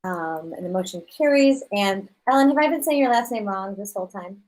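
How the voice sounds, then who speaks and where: A woman chairing a school council meeting over a video call, casual and quick to laugh. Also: mid-range voice, lively intonation, darkish tone, low-quality recording. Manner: casual, laughing, running the vote.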